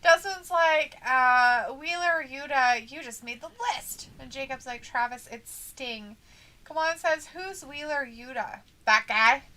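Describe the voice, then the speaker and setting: Bright, giggly woman reading chat. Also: high-pitched, unhurried. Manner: playful and giggly, teasing. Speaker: co-host of a wrestling watch-along stream. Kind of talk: casual chat, reading viewer comments aloud.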